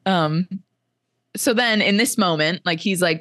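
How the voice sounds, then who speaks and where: Woman podcast co-host, lower voice, casual retelling that slips into characters' lines, dry close sound. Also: unhurried, a bit bright, no room sound. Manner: chatty, laughs often, heavy use of "like". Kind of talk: casual chat recapping a book chapter.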